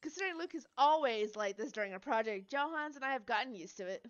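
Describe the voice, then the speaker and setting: A woman's voice: on the high side, expressive, fast talker, dull audio. A woman streamer reading a story game aloud, with chatty, giggly asides between narration.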